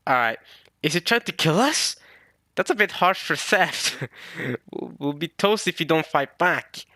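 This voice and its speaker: A young man hosting a manga reaction video, excitable and slangy, laughing often. He talks into a close mic. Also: on the high side, slow, no echo. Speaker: reaction channel host.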